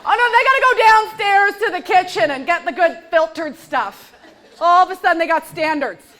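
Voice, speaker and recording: A woman with a high voice delivers a stand-up comedy set on a stage. Her delivery is punchy and sarcastic, with dry deadpan asides. A live audience laughs faintly behind her. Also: moderate pace, some chatter behind, slight background noise.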